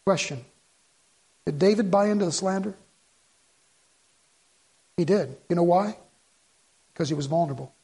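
A man's voice: sits high, moderate pace, long pauses, mellow, breathy edge. A middle-aged pastor preaching a sermon, telling a Bible story and acting out its dialogue, often repeating and restarting his words.

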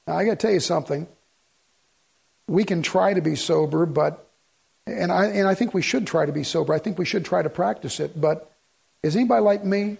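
A man's voice: sits high, moderate pace, creaky, long pauses, darkish tone, husky. A man preaching a sermon to a congregation in a folksy, rambling way with joking asides. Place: church in front of a congregation.

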